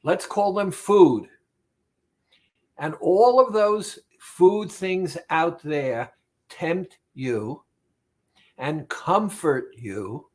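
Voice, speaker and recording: A man speaking as a weight-loss therapist, giving a motivational talk and addressing the listener directly with slow emphasis. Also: a little high, lively intonation, a little mellow.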